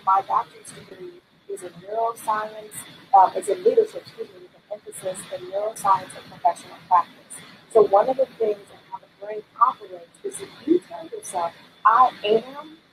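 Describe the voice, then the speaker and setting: A woman's voice: on the high side, sing-song, moderate pace, creaky, a bit bright, a little hiss or hum, rough recording. A woman giving an upbeat, encouraging talk as a leadership coach, repeating key phrases for emphasis and speaking faith-based affirmations. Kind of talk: motivational talk to listeners.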